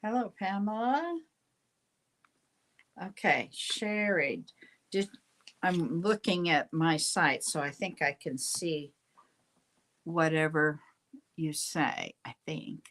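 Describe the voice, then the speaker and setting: An older woman hosts a casual tarot reading in an unhurried, drawn-out way. Her voice sits a little low, and she chats, rambles and breaks off her own sentences. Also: expressive, fairly bright tone. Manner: chatty, rambling, self-interrupting. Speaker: tarot reader, show host.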